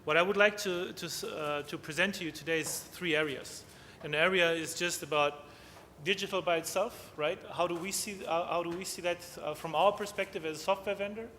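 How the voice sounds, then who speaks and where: Halting man presenting in a hall. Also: sits high, steady tone, sharp tone. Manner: halting, many restarts and fillers, tag questions. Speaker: conference speaker. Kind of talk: conference presentation. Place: conference hall. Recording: long hall reverb, faint noise.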